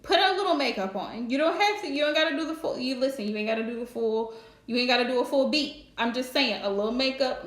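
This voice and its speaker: A woman with a high-sitting voice hosts a casual live stream, giving relationship advice in a chatty, direct manner and laughing often. The sound is roomy.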